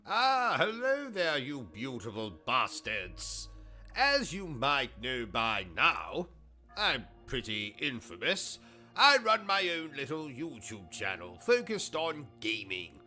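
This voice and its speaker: A man with a British accent hosting a gaming livestream, delivering pompous, insulting, deadpan absurd comedy. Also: mid-range voice, slow pace, soft background music. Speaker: gaming streamer host. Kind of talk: comedic in-character livestream monologue.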